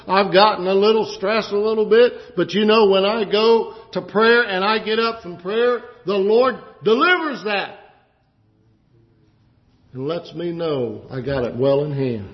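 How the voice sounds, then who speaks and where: A man's voice: high-pitched, a little slow. A man preaching a sermon, climbing to impassioned, emphatic peaks. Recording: dull lo-fi recording.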